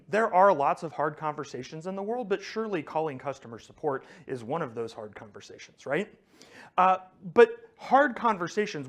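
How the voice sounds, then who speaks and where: A man giving a conversational faith teaching, telling a story with frequent fillers and restarts. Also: a little high.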